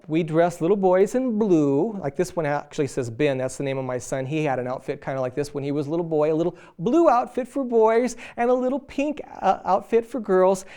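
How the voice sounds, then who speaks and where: Middle-aged male preacher, warm and mellow, lively storyteller who acts out both sides of a quarrel. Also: sits high. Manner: animated storyteller acting out both spouses. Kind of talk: sermon on marriage.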